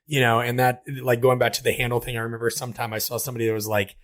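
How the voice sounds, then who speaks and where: Man, mid-pitched voice, rapid pace, animated, analytical, podcast guest coach. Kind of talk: casual podcast chat.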